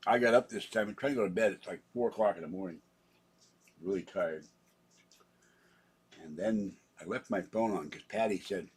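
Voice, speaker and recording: A man's voice: low-pitched, brisk, darkish tone, slightly rough. A man vlogging in a rambling, casual chat, grumbling and chuckling to himself.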